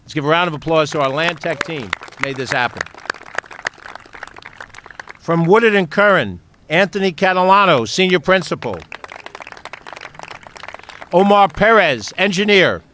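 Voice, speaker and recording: A man with a slightly high voice, a county executive, thanks people one by one at an outdoor stadium reopening. Faint noise sits under the recording. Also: animated, a little slow, pauses often, sharp tone. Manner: reads out names and thanks them. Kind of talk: ceremony speech.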